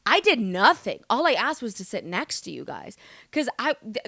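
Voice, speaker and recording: A young woman from the United States, hosting a podcast and telling stories in a loud, animated, swearing way. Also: on the high side, moderate pace, gravelly, no echo, studio quality. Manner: animated, swearing, exaggerated storytelling. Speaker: podcast host. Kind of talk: casual storytelling monologue.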